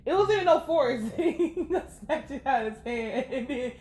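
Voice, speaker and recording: Animated, cussing woman recapping a show. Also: sits high, moderate pace, breathy edge. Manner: animated, profane, laughing running commentary. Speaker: TV recap host. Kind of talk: casual TV episode recap.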